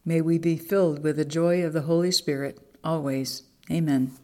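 A woman reading a children's picture book aloud in a church service, expressive storytelling. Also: low voice, normal speed.

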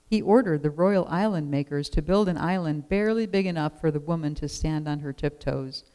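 A storyteller reading a children's picture book aloud in an expressive, measured way. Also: medium pitch.

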